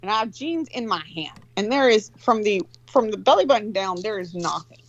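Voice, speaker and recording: A woman's voice: medium pitch, lively intonation, fairly quick, dull audio. A woman in her forties telling a long, profane, rambling story in casual chat.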